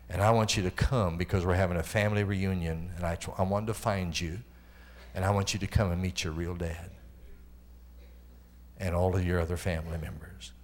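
A middle-aged man preaching a sermon, telling his own story and rising to impassioned, high-pitched delivery. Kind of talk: sermon testimony.

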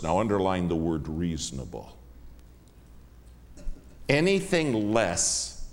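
Man, deep voice, unhurried sermon, lively swooping delivery, long church-hall reverb. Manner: emphatic, swings from hushed to raised. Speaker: guest preacher. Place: church sanctuary.

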